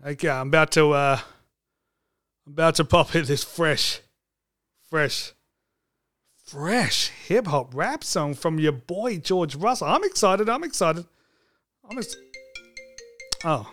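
A man's voice: fairly high pitch, slow pace, long pauses, a bit bright. A man hosting a comedic podcast, joking and swearing for laughs. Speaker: podcast host.

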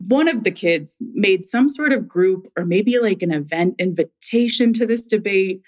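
A woman caller in her thirties, from Massachusetts, spins a school story in easy, casual talk. Her voice sits at a middle pitch, and laughter keeps slipping into her sentences. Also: moderate pace. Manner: laughs often mid-sentence, animated.

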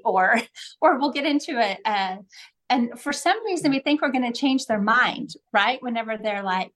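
Animated high-voiced woman parenting coach. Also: moderate pace. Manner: animated storyteller, acts out quotes with big pitch jumps. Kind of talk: podcast interview, storytelling.

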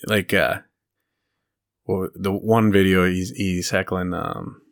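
A man's voice: deep voice, steady tone, slow, creaky. A man co-hosting a podcast in casual chat, rambling through stories and laughing at his own jokes. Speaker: podcast co-host.

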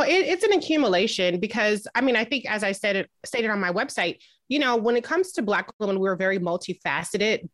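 A woman's voice: mid-range voice, no room sound. Chatty candid woman on a podcast, totally dry close sound. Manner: lively, candid, conversational. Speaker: media founder, podcast guest. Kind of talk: casual interview talk.

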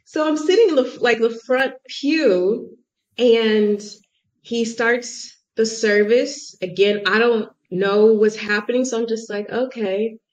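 A young American woman telling a travel story in a podcast interview, chatty and animated, full of "like" and acted-out quotes. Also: on the high side, takes it slowly. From United States. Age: young adult. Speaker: guest. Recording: muffled lo-fi audio.

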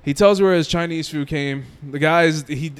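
This young New Jersey man tells his friends a long story in a casual, animated way, frequently laughing and performing other people's lines. His voice is a little high but clear and resonant, and he keeps a moderate pace.

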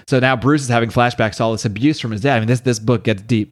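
A man hosting a podcast, recapping a comic book in a casual, animated way and slowing down for dramatic quotes. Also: medium pitch. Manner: animated, reads out quotes with slow dramatic emphasis. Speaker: podcast host.

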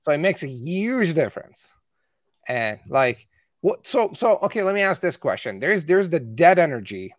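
A man's voice: a little high, very animated, moderate pace, no room sound. Man hosting a sales interview, dry sound. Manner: asks rambling questions with restarts. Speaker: podcast host, interviewer. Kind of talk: conversational interview.

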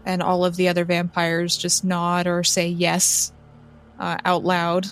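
Slow-paced woman narrating as game master. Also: fairly low pitch, monotone, clean tone. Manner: slow, measured storytelling.

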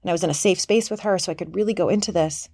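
A woman's voice: fairly low pitch, rapid-fire, gravelly, darkish tone, breathy edge, dry recording, clean studio sound. A woman coach giving a casual self-help talk in a conversational way, sometimes acting out the voices she quotes.

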